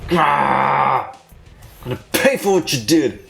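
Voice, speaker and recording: This is a rough, threatening male street thug, put on by a woman. He speaks in a crude, aggressive snarl. Faint game music plays underneath. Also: rumbling low, lively intonation, slow, fairly bright tone, heavily acted. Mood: menacing.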